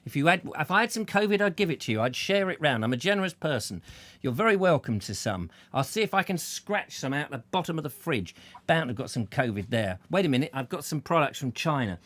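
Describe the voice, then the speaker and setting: A man's voice: fairly high pitch, very animated, quick pace, a bit bright. A man hosting a casual chat show, joking and rambling through anecdotes. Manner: chatty, jokey, rambling anecdotes with put-on voices. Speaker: host.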